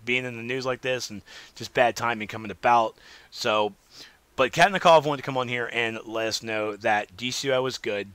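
A man hosting a casual solo gaming podcast, rambling and animated, swinging between loud remarks and muttered asides. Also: medium pitch, no room sound. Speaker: podcast host.

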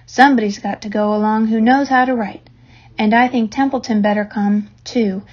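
A woman voicing a calm, wise female spider, heard on a dull lo-fi recording. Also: on the high side, natural voice. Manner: calm and deliberate.

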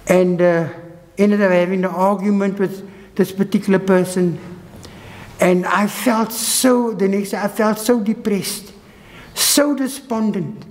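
High-voiced South African preacher in a reverberant hall. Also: male voice. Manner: emotional testimony, swinging between high urgent and low hushed phrases. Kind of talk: sermon. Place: church hall.

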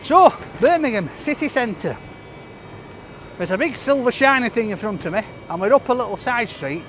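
A man's voice: very high voice, animated, moderate pace, fairly bright tone, a little hiss or hum. A man, chatting cheerfully and jokily to camera as a food-review vlogger on a city side street. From Leeds. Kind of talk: casual chat to camera.

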